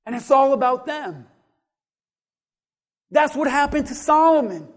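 In a sermon delivered at a measured pace, a male pastor with a very high-pitched voice alternates between quiet asides and loud, animated calls. Along the way he acts out what people say.

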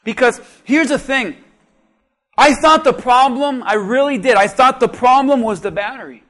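A man preaching a sermon, telling a lively personal story and asking the congregation questions. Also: extremely high pitch, normal speed. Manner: animated storytelling with audience questions.

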